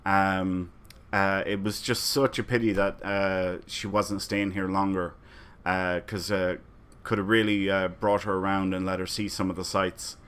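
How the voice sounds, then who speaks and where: Male streamer, low-ish voice, easygoing rambling chat with viewers. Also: little pitch movement, measured pace, fairly bright tone, clear, resonant tone. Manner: rambling anecdotes, frequent fillers and chuckles. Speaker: streamer and community host. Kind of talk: casual livestream chat, reading chat comments.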